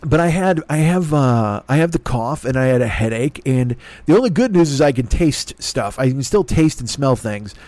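Middle-aged male podcast host, hoarse and congested, profane self-deprecating rambler, dry close-miked sound. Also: mid-range voice, animated, normal speed, hardly any pauses, darkish tone, no echo. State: rough throat, stuffy nose. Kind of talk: rambling comedic monologue.

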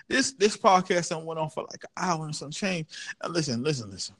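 Male podcast co-host, AAVE, animated, wide pitch swings, rants loud then drops low. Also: fairly quick. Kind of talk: casual podcast banter.

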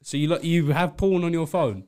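A man's voice: fairly high pitch, normal speed, a little mellow, clear, resonant tone. A man co-hosting a casual podcast, giggling a lot and giving short, puzzled replies. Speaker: podcast co-host. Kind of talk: casual chat.

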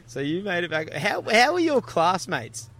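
A young Australian man hosting a podcast, telling stories in lively casual chat with frequent laughter. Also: high-pitched. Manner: animated storyteller, laughing often. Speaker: podcast host.

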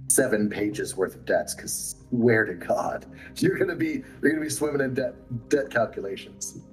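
A man's voice: medium pitch, animated, moderate pace, low-quality recording. A man in a mid-range voice running a tabletop game as its game master. He is joking and upbeat and laughs easily. Faint music plays behind him.

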